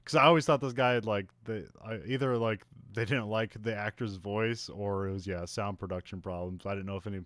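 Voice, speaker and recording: A man's voice: lowish voice, steady tone, fairly quick, few pauses, fairly bright tone, no echo. A man recapping a movie in casual podcast chat, rambling with lots of fillers and frequent chuckles. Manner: rambling, laughs often, many fillers. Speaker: podcast co-host.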